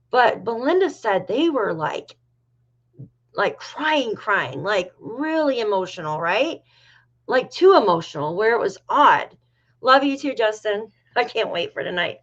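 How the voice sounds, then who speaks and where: A middle-aged woman from New York hosts a loose, chatty livestream and reads viewer comments aloud. Her voice sits fairly high. The sound is dull and lo-fi. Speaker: livestream host. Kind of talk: casual livestream chat.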